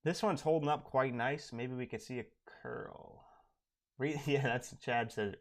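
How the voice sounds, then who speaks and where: A man with a medium-pitched voice and measured pace streams live as a day trader, giving casual trading commentary while thinking aloud. As he reads charts and headlines, his voice drops into mumbled asides.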